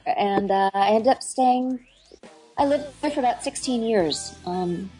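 Over background music, in a rough recording, a middle-aged woman, an actress and dialect coach, talks eagerly in a casual interview. Her medium-pitched voice is expressive and a little slow, and her enthusiastic, rambling speech is full of fillers and restarts.

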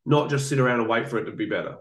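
A man's voice: mid-range voice, very fast. A man hosting a casual podcast chat, a fight coach talking bluntly and with energy. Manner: blunt, animated, swears, repeats himself. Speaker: podcast host, combat sports coach. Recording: roomy echo.

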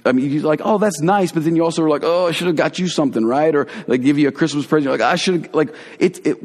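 A man giving a conversational, earnest sermon as a pastor, dropping to hushed tones for emphasis. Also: mid-range voice. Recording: long hall reverb.

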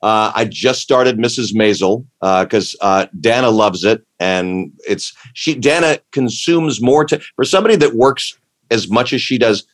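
A man's voice: lowish voice, animated, a little slow. A man in casual chat, rambling and restarting his sentences, enthusiastic about what he describes. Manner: rambling, self-interrupting, enthusiastic.

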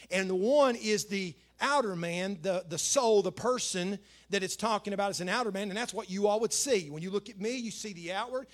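High-voiced man preaching a sermon. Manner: conversational preaching with repeated phrases and emphatic scripture quotes. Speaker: pastor.

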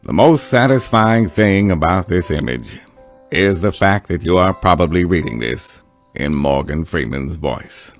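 A very deep, gravelly old narrator voice with a slow, stately, musing delivery. Faint music sits underneath. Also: male voice, expressive. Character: impression of a famous older male narrator, slow and grand. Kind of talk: comedy voice impressions.

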